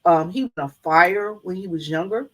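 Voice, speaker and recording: Here a middle-aged woman talks at a moderate pace with a fairly low pitch. A vlogger, she's telling folksy stories in casual chat to live viewers, whom she calls "y'all."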